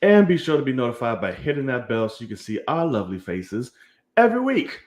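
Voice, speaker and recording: A young man with a mid-range voice hosts a casual film podcast, very animated and fairly quick as he hypes the channel, chats loosely, and swears freely.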